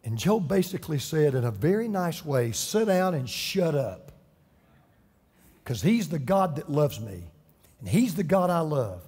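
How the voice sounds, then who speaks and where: A man's voice: on the high side, very animated, moderate pace, dark tone, breathy edge, in a large hall. A man preaching a sermon as pastor, impassioned, acting out quoted voices with drama, from a church sanctuary.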